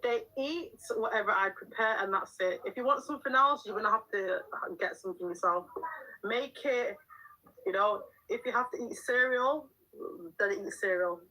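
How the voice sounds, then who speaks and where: Speaking at a normal speed, this middle-aged woman uses a fairly high, pushed, bright voice while hosting her live stream as a mum. She chats openly, laughs frequently and answers viewer comments over poor-quality audio.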